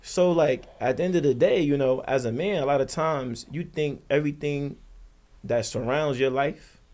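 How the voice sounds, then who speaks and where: A man's voice: on the high side, moderate pace, a little mellow. A middle-aged man in casual podcast talk, telling a personal story earnestly in plain street slang.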